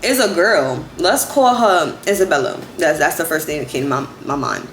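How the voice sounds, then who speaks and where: A young woman in her twenties tells a story in a chatty, animated way. Her voice swings widely up and down, and she sounds like she is in an echoey room. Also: low voice, moderate pace, a little hiss or hum. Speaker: vlogger. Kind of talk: casual storytime.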